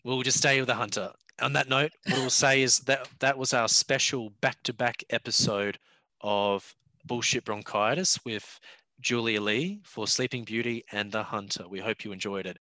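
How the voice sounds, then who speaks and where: A man's voice: medium pitch, fairly even intonation, moderate pace, sharp tone, dry recording. A man hosting a podcast, rambling through casual film chat, laughing and swearing freely. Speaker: podcast host.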